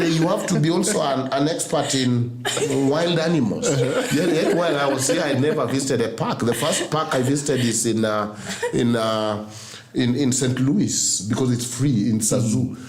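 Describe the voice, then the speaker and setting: A man's voice: a little high, normal speed, roomy sound, very noisy. A man with a Kenyan accent telling jokey stories in a casual panel discussion, often laughing through his words.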